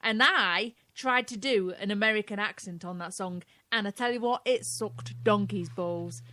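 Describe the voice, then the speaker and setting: A woman's voice: mid-range voice, normal speed, sharp tone. A woman with a Derby English accent, co-hosting a casual podcast chat, swearing freely and laughing often as she tells stories. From England. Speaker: co-host.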